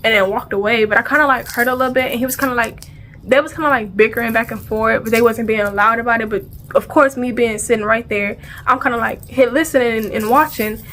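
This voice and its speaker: Talking fast on the high side, a woman tells a storytime vlog in casual slang over a little hiss or hum. She's animated, acting out sounds and dialogue and repeating phrases as she goes.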